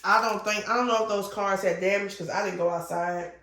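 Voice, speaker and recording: A woman's voice: medium pitch, fairly quick. A middle-aged woman hosting her crafting channel, rambling chattily with fillers and telling stories eagerly. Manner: gets loud and excited when retelling a scare. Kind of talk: casual chat while crafting. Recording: echoey room with faint noise.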